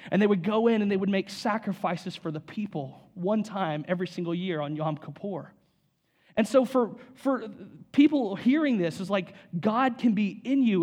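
A man preaching a sermon in an animated, conversational way, with frequent repeats and asides to the congregation. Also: high voice. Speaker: pastor.

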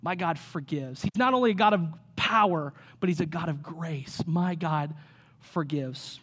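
A pastor in his thirties preaches a sermon with energy and a conversational manner, posing rhetorical questions. His voice is fairly high in pitch and his pace a little slow.

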